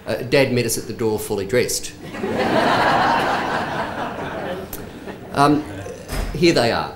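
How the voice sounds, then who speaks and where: A middle-aged man with a husky, hoarse voice gives a response speech for his father, telling humorous anecdotes and engaging the audience. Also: medium pitch, normal speed, long pauses, slight background noise. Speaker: son of the honoree, giving a response speech. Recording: echoey hall with faint ambience.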